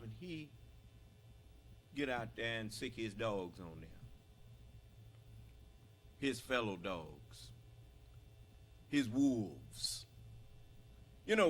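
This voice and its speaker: A man preaching on a live broadcast, speaking loudly and climbing into fervent shouting, pausing now and then to clear his throat. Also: mid-range voice. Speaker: religious leader.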